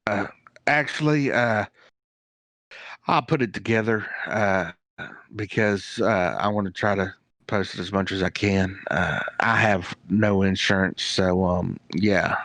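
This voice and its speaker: A man's voice: deep voice, a bit bright, no echo. A man who is a guest on an interview show, telling rambling, plain-spoken stories about his family. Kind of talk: casual interview chat.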